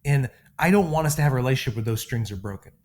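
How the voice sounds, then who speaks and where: A middle-aged man co-hosting a parenting podcast as a counselor, telling stories in a relaxed conversational way and acting out the quotes in them. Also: medium pitch, rapid-fire. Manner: animated, acts out quotes in his stories. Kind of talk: conversational storytelling.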